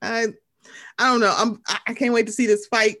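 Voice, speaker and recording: A woman's voice: fairly high pitch, level tone, brisk, a crowd in the background. A young woman hosting a casual chat show, talking animatedly and acting out quotes in different voices. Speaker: podcast host.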